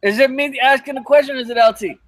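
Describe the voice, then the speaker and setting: A man co-hosting a casual podcast, speaking in a high voice. He is blunt and profane and throws in comic asides. The sound is dry, with no room echo. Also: quick pace. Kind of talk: casual live podcast chat.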